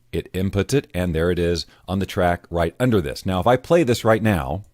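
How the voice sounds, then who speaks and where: A man walking viewers through audio editing software in a relaxed, rambling tutorial style, wearing headphones at his mic. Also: deep voice, moderate pace, no echo, clean studio sound, soft background music. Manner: relaxed, rambling explanations with fillers. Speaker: voiceover tutorial host. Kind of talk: casual screen-recorded software tutorial. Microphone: headphones on, studio-style mic.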